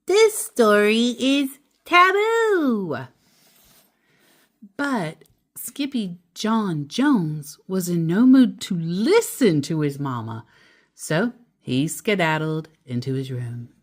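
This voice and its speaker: A woman reading a picture book aloud to a child in an expressive, playful way. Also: sits low, slow. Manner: expressive, playful, laughs along. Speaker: storyteller.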